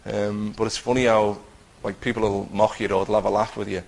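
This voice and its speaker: Gravelly-voiced man giving testimony. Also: fairly low pitch, level tone, darkish tone, poor audio. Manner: earnest, halting storytelling with many restarts. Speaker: Christian teacher giving testimony. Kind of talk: personal testimony.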